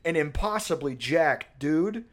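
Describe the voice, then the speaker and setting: A man chats on a podcast in a rambling, animated way, swearing freely. His voice sits on the high side for a man. He piles one tangent onto the next as he tells a story. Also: measured pace. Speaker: podcast co-host. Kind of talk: casual comedic chat.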